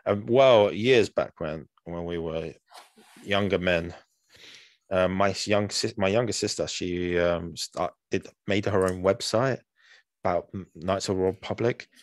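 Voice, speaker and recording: Low-pitched and measured in pace, a young podcast co-host chats casually, wandering through his points with many fillers and restarts. The recording is dry.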